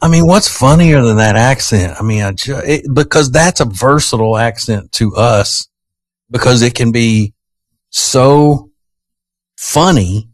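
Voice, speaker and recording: A man's voice: medium pitch, unhurried, no room sound. A man hosting a radio show, chatting loosely with restarts and frequent laughter. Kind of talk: casual radio banter.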